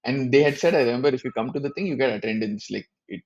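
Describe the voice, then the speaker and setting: Gravelly man, podcast co-host. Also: medium pitch, very fast, no echo, highs cut off. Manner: animated storytelling, swears casually, laughs often. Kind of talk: casual podcast chat.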